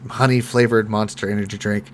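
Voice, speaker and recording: A man's voice: fairly low pitch, little pitch movement, fairly quick, a little hiss or hum. A man running a tabletop game as dungeon master, rambling with many fillers and frequent laughs. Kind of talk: narrating a tabletop game, casual.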